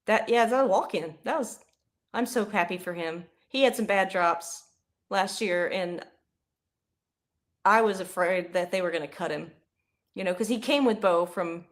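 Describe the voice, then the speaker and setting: A young woman doing casual live play-by-play of a football game, chatty and rambling, bursting into excited yelling. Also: medium pitch, unhurried, long pauses. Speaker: livestream host.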